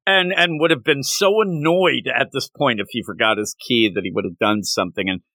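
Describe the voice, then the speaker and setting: Bright-voiced man in animated podcast chat. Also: a little fast, no room sound. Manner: animated, retells scenes and jumps up in pitch when acting out characters. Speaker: podcast co-host. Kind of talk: casual discussion of a manga chapter.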